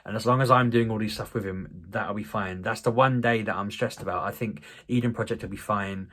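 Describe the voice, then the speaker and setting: Man in his thirties, vlogger, rambling, self-deprecating, lowish voice. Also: steady tone, fairly quick, fairly bright tone. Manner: rambling, self-deprecating, frequent ums and restarts. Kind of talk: casual vlog talk to camera.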